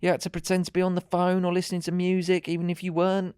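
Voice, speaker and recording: A man's voice: high-pitched, monotone, rapid-fire, darkish tone, smooth, dry recording, studio quality. A man co-hosting a podcast in chatty, rambling banter, swearing freely. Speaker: podcast co-host. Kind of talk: casual chat.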